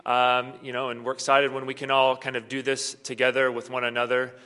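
A man's voice: mid-range voice, monotone, brisk, bright, forceful tone, clean tone, in a large hall. A man hosting a church service, giving an upbeat, friendly welcome to the congregation. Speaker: worship service host. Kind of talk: church meet-and-greet welcome.

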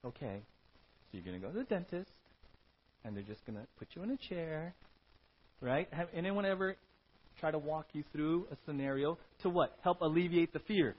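A male pastor preaching a sermon in an animated way, often checking in with "right?", in a dull lo-fi recording. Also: fairly high pitch, moderate pace, husky. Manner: animated, keeps asking "right?".

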